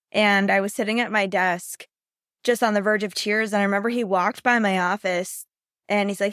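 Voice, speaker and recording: A young woman with a fairly high voice shares her own story as a podcast host, chatty and loose, sprinkling in "like" and little laughs. The sound is dry and close, with no room around it. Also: a bit bright, no room sound. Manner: casual, heavy use of "like", laughs often. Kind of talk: personal storytelling monologue.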